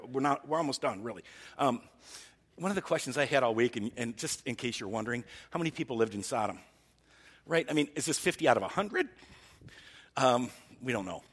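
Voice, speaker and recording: Husky pastor preaching in an echoing hall. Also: male voice, mid-range voice, fairly bright tone. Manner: earnest, thinking aloud, frequent restarts. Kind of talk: sermon.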